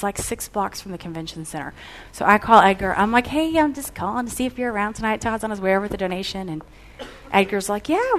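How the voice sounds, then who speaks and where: A middle-aged woman with a mid-range voice preaches to a gathering, weaving a long anecdote into her sermon. She tells it with animation, acting out the back-and-forth of the conversations, then settles into earnest exhortation.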